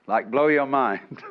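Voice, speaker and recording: Man lecturing to a hall, lively up and down voice, wry and unhurried, muffled old tape sound. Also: mid-range voice. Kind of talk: public lecture. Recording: dull lo-fi archive lecture recording.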